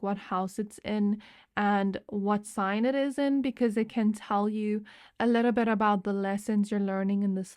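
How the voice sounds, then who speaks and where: A young woman doing a pick-a-card tarot reading. She talks in a loose, meandering way, circling back with "like" and restarting her sentences. Her voice sits at a mid pitch. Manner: chatty, meandering, fillers and restarts. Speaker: tarot reader.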